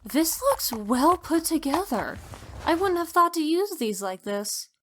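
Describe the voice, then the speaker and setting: A woman's voice: high-pitched, sing-song, unhurried, noisy background. A woman voicing a wry, supportive female officer in a fan audio drama.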